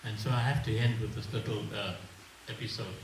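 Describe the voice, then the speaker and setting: A man's voice: lowish voice, fairly even intonation, brisk, background noise. An older man from South Africa giving a humorous, storytelling speech as a family elder at a wedding reception. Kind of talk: after-dinner speech with anecdotes. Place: reception hall. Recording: echoey hall, mic from far off.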